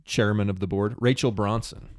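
A man's voice: fairly low pitch, steady tone, normal speed, no echo, clean studio sound. A man co-hosting a podcast in casual conversation, rambling with many restarts. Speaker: podcast co-host.

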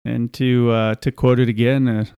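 A podcast host chatting casually and eagerly about his favorite film, laughing as he retells the scenes. His voice has a gravelly edge, and the recording is dry and close. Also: mid-range voice, flat delivery, moderate pace, warm tone, no echo. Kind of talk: casual chat.

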